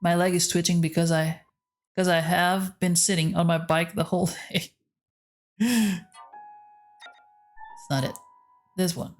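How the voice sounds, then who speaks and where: A man with a soft voice chatting casually with his viewers while he streams a game, rambling as he plays. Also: sits high, fairly even intonation, measured pace, pauses often. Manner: rambling, talks to chat while playing. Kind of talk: casual live-stream gameplay chat. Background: faint game music.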